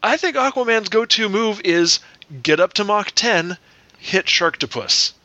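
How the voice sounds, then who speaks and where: Bright-voiced man thinking out loud. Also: sits high, lively intonation, a little slow, no room sound, muffled recording. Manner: works through numbers aloud, double-checking himself. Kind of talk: casual podcast chat.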